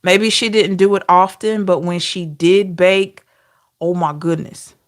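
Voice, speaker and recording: A woman's voice: fairly low pitch, fairly even intonation, unhurried. A woman giving an intuitive tarot reading, emotional and talking straight to her viewers. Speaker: tarot reader.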